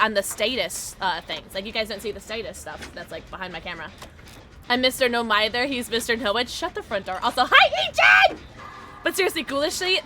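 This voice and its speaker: A young woman live-streaming a game, giggly and excitable, chatting with her viewers and squealing at the game. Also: on the high side, noisy background.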